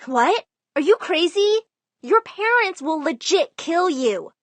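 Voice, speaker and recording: A woman's voice: extremely high pitch, very animated, slow pace, fairly bright tone, no echo, exaggerated voice. A woman doing an alarmed teen best friend. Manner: alarmed, incredulous. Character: worried teenage girl, best friend.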